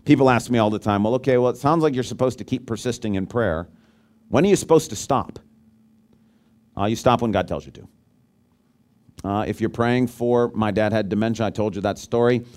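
In a chatty sermon, a man serving as pastor questions his listeners and moves between booming emphasis and quiet, low side comments. He speaks briskly but stops for frequent pauses.

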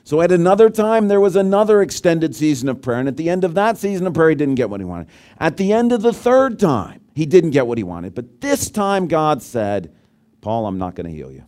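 A pastor delivers his sermon in a conversational way, putting questions to the congregation and shifting from loud, emphatic bursts to soft, low asides. His delivery is sing-song and slightly quick.

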